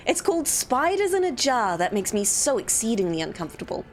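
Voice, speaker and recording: A woman's voice: fairly high pitch, brisk, faint music behind. A woman streaming a game, giving chatty, jokey commentary as she plays. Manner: chatty, animated, jokey reactions. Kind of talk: casual gameplay commentary.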